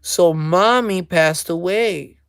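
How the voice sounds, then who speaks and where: A woman's voice: on the low side, slow, smooth, no echo, clean studio sound. A woman hosting a casual commentary rant, mocking and speculative, repeating her phrases for emphasis. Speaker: commentary channel host.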